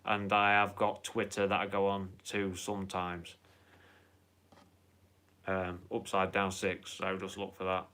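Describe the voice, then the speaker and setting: A low-voiced man rambles casually through a live stream, greeting viewers and chatting. His tone has a bright, forward edge. He swears freely and in an easygoing way. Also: monotone, measured pace, pauses often.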